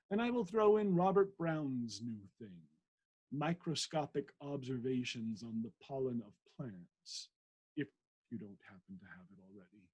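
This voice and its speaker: A man reading the part of a genial middle-aged country vicar and naturalist, in a wry, teasing manner and a husky voice. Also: medium pitch, a little mellow, full character voice, low-quality recording.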